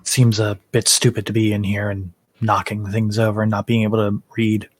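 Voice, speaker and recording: A man voicing a gruff male companion in a tabletop game, talking in a dry, matter-of-fact way. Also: fairly low pitch, flat delivery, moderate pace.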